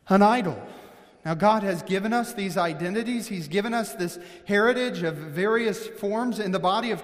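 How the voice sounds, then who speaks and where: A high-voiced man from Missouri delivers a sermon, earnest and searching, with frequent restarts and slowed, weighted phrases. His voice carries a long reverb, as if filling a church sanctuary. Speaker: pastor.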